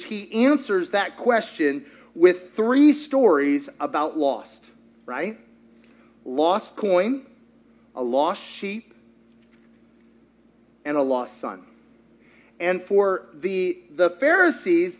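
Male pastor, high voice that swings wide, playful, questions the room. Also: slow pace, pauses often. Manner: animated, quizzes the congregation and acts out quotes. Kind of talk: sermon.

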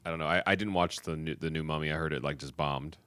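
Deep-voiced rambling podcast host, man. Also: steady tone, fast talker, a bit bright, clean tone, dry recording. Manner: rambling, many fillers and restarts. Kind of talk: casual chat.

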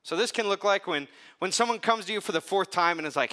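A male pastor delivering a sermon in a relaxed, conversational manner, slipping into lively storytelling and casual asides. His voice is bright and forceful, set a little higher than most men's. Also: fast.

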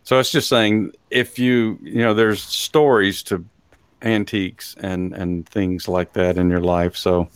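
A man's voice: deep voice, fairly even intonation, unhurried, clean tone, no echo. A man with a Texan accent hosting a casual talk show, rambling with many fillers and frequent chuckles. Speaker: host. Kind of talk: casual podcast chat.

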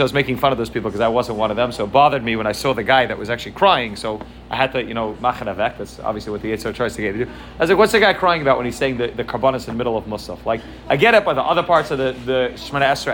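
Fast-talking man giving an earnest religious class. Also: mid-range voice, fairly bright tone, a little hiss or hum. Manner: earnest, repeats words while searching for phrasing. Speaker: Torah teacher.

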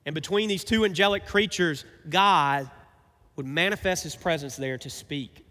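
A man's voice: a little high, moderate pace, pushed and bright, long reverb tail. A man preaching a sermon as pastor, talking conversationally and asking his listeners rhetorical questions.

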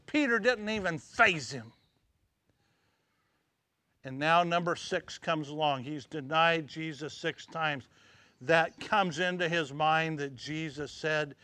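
A man preaching a sermon, acting out scenes dramatically and dropping to hushed tones at emotional moments. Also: fairly high pitch, no room sound. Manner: dramatic, swings from loud exclamations to hushed near-whispers.

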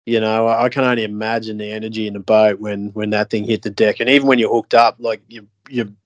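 A man's voice: lowish voice, flat delivery, fast talker, dry recording, highs cut off. A man hosting a podcast in casual chat, enthusiastic and encouraging. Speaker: podcast host.

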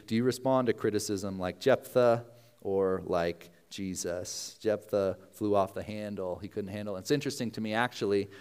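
A male pastor preaches in a relaxed, conversational manner, dropping into quick acted voices for the people he talks about. His voice is smooth and resonant, and it rings out with the long reverb of a large hall. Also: on the low side. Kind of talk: sermon.

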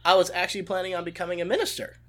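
A young man talking casually in an interview about doing character voices, animated and enthusiastic. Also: sits high, very fast. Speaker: guest voice impressionist.

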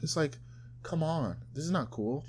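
A man from South Florida, talking loosely and profanely in a casual co-hosted chat. His pitch swings widely as he talks, and he slips into high mock voices to tease people. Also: unhurried, slight background noise. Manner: loose, profane, animated, mocks others in high put-on voices. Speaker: podcast co-host.

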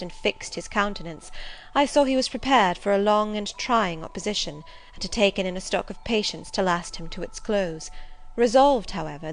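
A woman's voice: medium pitch, poor audio. Woman narrating a classic novel. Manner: measured, expressive storytelling. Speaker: audiobook narrator. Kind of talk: scripted literary narration.

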